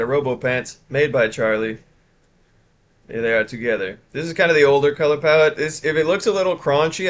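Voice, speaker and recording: A man's voice: medium pitch, fairly bright tone. Rambling chatty male streamer. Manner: rambling, chatty, self-interrupting. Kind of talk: casual live-stream chat.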